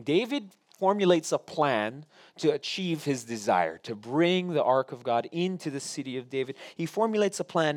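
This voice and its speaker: A man preaching a sermon as pastor, swinging between loud emphatic lines and quiet, drawn-out asides. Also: on the high side.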